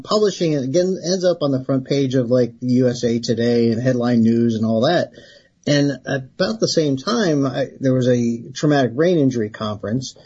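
A man's voice: medium pitch, breathy edge, highs cut off. A middle-aged man, a retired Army researcher, telling a long story in an interview and acting out the dialogue, laughing now and then. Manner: animated storyteller who acts out quoted dialogue and laughs.

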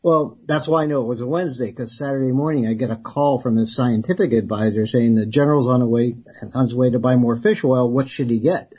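A man's voice: medium pitch, quick pace, few pauses, husky, muffled recording. A middle-aged man, a retired Army researcher, telling a long story in an interview and acting out the dialogue, laughing now and then. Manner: animated storyteller who acts out quoted dialogue and laughs.

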